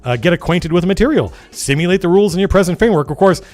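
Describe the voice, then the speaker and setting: A man hosting a casual livestream, reading old game zines aloud and breaking off into rambling, animated comments. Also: high voice, rapid-fire. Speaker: livestream host.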